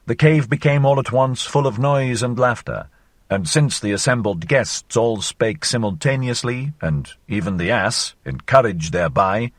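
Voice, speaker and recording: Male audiobook narrator, low husky voice, very lively dramatic reading, close dry recording. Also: no echo. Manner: theatrical, sweeping changes of pitch and loudness. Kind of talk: reading a philosophical novel aloud.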